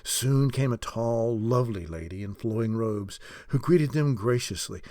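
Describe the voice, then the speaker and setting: A man narrating a fantasy audiobook chapter in an expressive storytelling way. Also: mid-range voice, a little slow, hardly any pauses, dry recording, studio quality.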